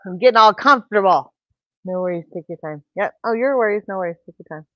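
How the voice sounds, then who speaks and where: A woman's voice: mid-range voice, fast talker, dry recording, lo-fi sound. A woman chatting with a friend on a video call, rambling and restarting her sentences. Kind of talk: casual chat.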